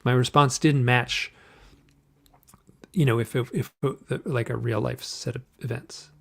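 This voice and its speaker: Gravelly-voiced man, rambling guest. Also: medium pitch, fairly even intonation, unhurried, fairly bright tone. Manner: rambling, searching for words, many restarts. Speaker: guest author. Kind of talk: casual interview chat.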